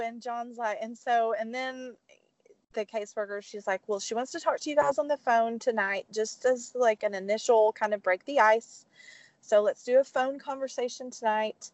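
A woman guest telling a personal story in casual talk, animated and teary, acting out the voices of others as she goes. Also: normal speed, dry recording. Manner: animated, acts out quoted voices with big pitch jumps; emotional, teary. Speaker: podcast guest.

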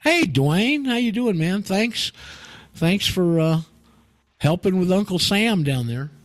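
A man's voice: high voice, lively intonation, takes it slowly, no room sound. Rambling radio host, a man. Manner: rambling, storytelling, with many fillers and restarts. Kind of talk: call-in radio talk.

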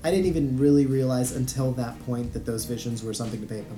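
A man's voice: medium pitch, fast, dark tone, faint music behind. A man co-hosting a podcast, chatting casually about a video game and talking in a hesitant way with many restarts. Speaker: podcast co-host.

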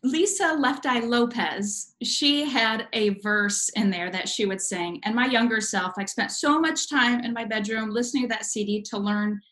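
Woman guest, fairly high voice, playful and chatty. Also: moderate pace, hardly any pauses, a bit bright, echoey room. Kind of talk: casual interview chat.

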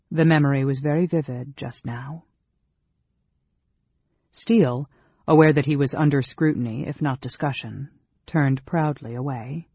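A man narrating a fantasy audiobook in a measured, even storytelling manner. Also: a little high, breathy edge, dry recording, lo-fi sound. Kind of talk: scripted narration.

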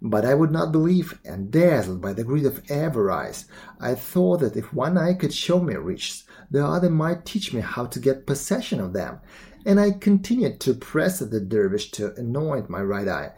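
A man narrating a classic tale aloud in a steady, even reading voice. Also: medium pitch, moderate pace. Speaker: storyteller. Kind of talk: storybook read-aloud narration.

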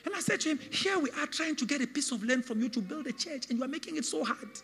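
A pastor preaches in a high, bright voice, his words ringing out through a church hall with a long echo. He swings from shouted peaks down to quiet, hushed lines. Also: expressive, fast talker, creaky, a little hiss or hum. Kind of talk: sermon.

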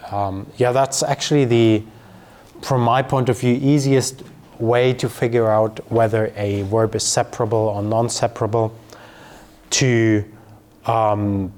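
Slow, patient male language tutor. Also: on the low side, a little mellow. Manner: slow, patient, with fillers and careful pronunciation examples. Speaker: German teacher. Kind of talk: explaining grammar to a learner.

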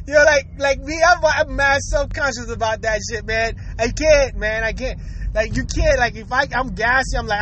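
A young man with a strikingly high voice talks straight to his viewers in a loose, crude, rambling rant. His speech is thick with slang, and he keeps breaking into chuckles. A faint noise sits under the recording. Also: moderate pace, sharp tone, rough recording. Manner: slangy street talk. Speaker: vlogger.

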